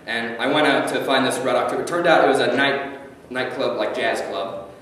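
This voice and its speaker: A man's voice: medium pitch, a little fast, a bit bright, a little hiss or hum. A male stand-up comedian telling a rambling, playful story on a club stage. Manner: rambling, playful, full of fillers. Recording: echoey club sound from a far mic. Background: audience laughter.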